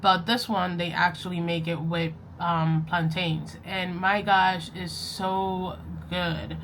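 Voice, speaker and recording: A woman's voice: fairly low pitch, flat delivery, slow pace, a bit bright, a little hiss or hum. A young woman vlogging in a casual, rambling way, often correcting herself and laughing as she chats about journaling and a series she is watching. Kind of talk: casual chatty vlog.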